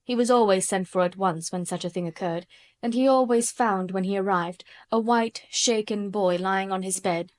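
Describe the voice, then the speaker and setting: A woman's voice: mid-range voice, no echo. Woman narrating an audiobook, dry sound. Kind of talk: scripted narration.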